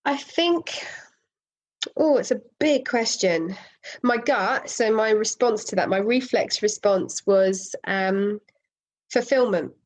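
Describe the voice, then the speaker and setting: Animated woman telling a story. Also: medium pitch, slow pace, rough recording. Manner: animated, laughs often, lively voice swings. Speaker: guest, property investor. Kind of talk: casual conversational storytelling.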